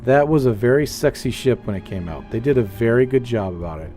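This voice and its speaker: A man chatting casually while streaming a space game, rambling and animated as he tells stories. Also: medium pitch, fairly quick, soft background music. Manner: rambling, animated storytelling with playful put-on voices. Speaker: gaming streamer. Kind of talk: casual gameplay chat.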